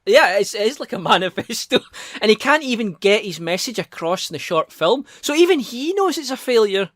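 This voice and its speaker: A man with a fairly high voice speaks bluntly and dismissively as a film review co-host. He breaks into laughter often. His voice is recorded close and dry. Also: sing-song, fairly quick, fairly bright tone, dry recording. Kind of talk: casual review chat.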